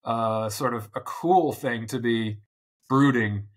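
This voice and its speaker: A podcast guest in his forties speaks slowly in reflective interview talk, thoughtful and earnest, with frequent restarts. His voice is medium-pitched.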